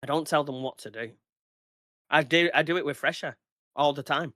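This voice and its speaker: Ranting man in his thirties, bright voice. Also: fairly high pitch, moderate pace, no echo, studio quality. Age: 30s. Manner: heated, ranting, swears freely. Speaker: podcast guest. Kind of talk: casual podcast chat.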